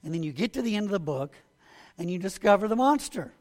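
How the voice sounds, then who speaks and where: A man's voice: sits high, big pitch swings, fast, a little mellow. A man preaching a sermon as a pastor, earnest and building to emphatic points. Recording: long hall reverb.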